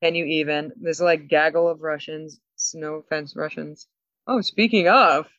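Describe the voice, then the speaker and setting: A woman co-hosting a podcast, telling a story with lots of laughs and quick asides. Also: low-pitched, steady tone, a bit bright, no room sound, dull audio. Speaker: podcast co-host. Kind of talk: casual chat.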